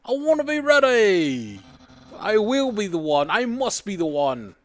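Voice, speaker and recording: A man's voice: high-pitched, big pitch swings, measured pace, voice pushed up. Papyrus, a man doing a bombastic skeleton. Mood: boastful. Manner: bombastic, self-important, stilted mock-British. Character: boastful eager skeleton man, loud and theatrical.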